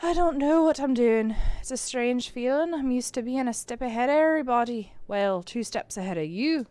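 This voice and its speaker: A woman voicing a charming male cat suitor in a put-on Irish accent, with a halting, earnest delivery. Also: a little high, lively intonation, a little mellow, clean tone, no echo, close to an everyday voice.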